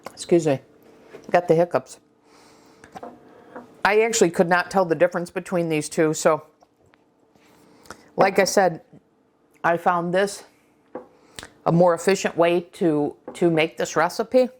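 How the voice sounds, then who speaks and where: A woman's voice: lowish voice, fairly even intonation, a little slow, long pauses. A woman hosting a casual cooking vlog, talking chattily with fillers and restarts as she runs a taste test. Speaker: cooking channel host.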